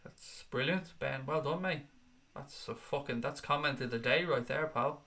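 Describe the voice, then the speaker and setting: A man running a football fan livestream answers viewer comments in loose, casual chat, cursing freely along the way. He talks at normal speed in a medium-pitched voice that sounds pushed and bright.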